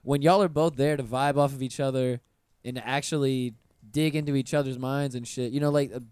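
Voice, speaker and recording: A man hosting a podcast, chatting casually and animated, quick to laugh. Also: medium pitch, clean tone, dry recording. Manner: laughs easily, animated storytelling. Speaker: podcast host.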